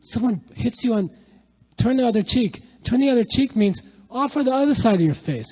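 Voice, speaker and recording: A middle-aged man giving a lively spiritual talk to an audience, telling stories and asking rhetorical questions. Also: very high voice, normal speed, slightly rough, rough recording. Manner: animated, rhetorical questions, storytelling. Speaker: spiritual teacher.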